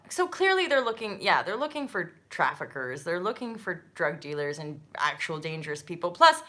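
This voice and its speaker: A woman hosting her own channel, telling a story in a casual, animated monologue, full of asides and freely swearing. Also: lowish voice, moderate pace, hardly any pauses. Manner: chatty, with many fillers and asides. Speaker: channel host.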